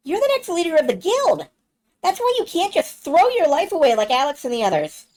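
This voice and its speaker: A woman's voice: high voice, sing-song, brisk, a little mellow, voice pushed up. A woman voicing an anxious young male mage who pleads and frets, reading game dialogue aloud. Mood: pleading. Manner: worried, pleading.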